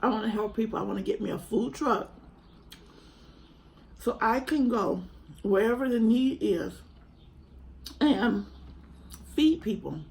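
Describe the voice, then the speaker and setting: A woman's voice: fairly high pitch, a little slow, gravelly, long pauses, darkish tone, slight background noise, low-quality recording. A young woman, earnestly and chattily talking to camera at home in a vlog. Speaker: mukbang vlogger. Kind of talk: casual heartfelt chat to camera.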